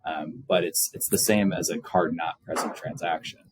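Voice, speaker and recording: A man's voice: rumbling low, fairly even intonation, moderate pace, noisy background. A man, a business co-founder, explaining things plainly as a guest in an interview. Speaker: guest, payments company co-founder.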